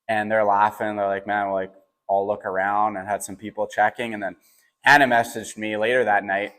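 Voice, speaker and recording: A young man telling a personal story in a casual, animated way, with lots of fillers and quoted dialogue. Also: fairly low pitch, normal speed.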